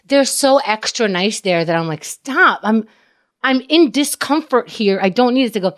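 A woman comedian tells a story in casual chat. Her pitch swings widely and she keeps breaking into laughter. She swears freely as she goes. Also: expressive, normal speed. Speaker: comedian, podcast host.

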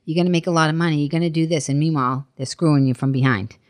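A woman guest on a chat show, talking in a rapid, animated way, acting out quotes in her stories. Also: low-pitched. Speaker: comedian guest. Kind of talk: casual chat.

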